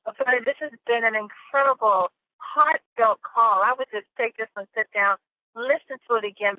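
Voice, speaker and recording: A woman's voice: medium pitch, dry recording. Earnest woman over a phone line. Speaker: host of the team call. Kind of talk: closing remarks on a conference call.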